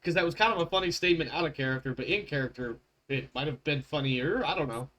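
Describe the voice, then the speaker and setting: A man's voice: a little high, fast talker, noisy background. A man running a tabletop game as game master, talking casually and rambling, correcting himself as he goes. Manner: rambling, self-correcting, swears freely. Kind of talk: casual out-of-character table talk.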